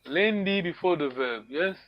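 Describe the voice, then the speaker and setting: Encouraging high-voiced male teacher. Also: lively intonation, a little slow, muffled recording. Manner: encouraging, corrects students patiently. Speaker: language teacher. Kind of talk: online language class.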